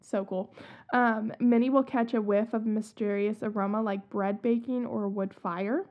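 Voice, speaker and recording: Over dull lo-fi audio, a young podcast host chats casually about haunted places, giggling and swearing offhandedly as she shares spooky tales. She speaks at normal speed in a steady, mid-range voice.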